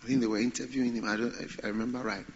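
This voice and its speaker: A man preaching a sermon, animated and repeating phrases for emphasis. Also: mid-range voice, racing, highs cut off, slight background noise.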